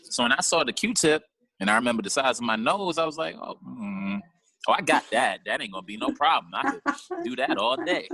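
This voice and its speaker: A man doing stand-up comedy over a video call, telling a story in an animated, slangy way with acted-out dialogue. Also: medium pitch, rough recording.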